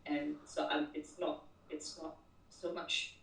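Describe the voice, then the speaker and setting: A woman's voice: deep voice, slow pace. Woman telling a story, far from the mic. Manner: animated, repeats words when starting sentences. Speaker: interview guest. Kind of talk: casual storytelling interview. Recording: roomy echo, distant mic.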